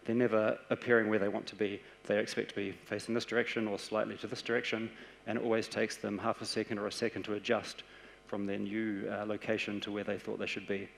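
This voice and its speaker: Gravelly New Zealand man presenting in a hall. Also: on the low side, fast talker, a little hiss or hum. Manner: explanatory, steady and practical. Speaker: conference speaker. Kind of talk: conference presentation. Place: large conference hall. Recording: echoey conference hall.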